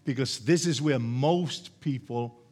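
A man preaching a sermon, emphatic and repetitive, building from quiet explanation to loud exhortation. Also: medium pitch, slow pace.

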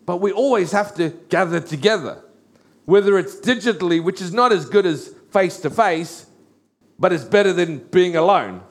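A pastor giving a sermon in an earnest way, repeating key phrases for emphasis. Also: male voice, high voice, expressive, moderate pace, vocal fry.

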